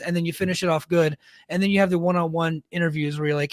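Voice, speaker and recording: A man's voice: fairly high pitch, fast, no echo, clean studio sound. A middle-aged man co-hosting a podcast, talking bluntly in a casual, storytelling way and often tagging on "right?". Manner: blunt, storytelling, fond of "right?" tag questions. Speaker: podcast co-host; military leader.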